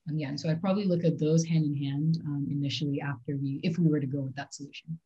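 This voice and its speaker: A low-voiced woman answers mock job interview questions at a quick clip, sprinkling her sentences with "like" and "um." Her tone is soft and mellow. The recording sounds a little dull and lo-fi. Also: fairly even intonation, a little hiss or hum. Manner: fast-talking with frequent "like" and "um" fillers. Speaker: interview candidate.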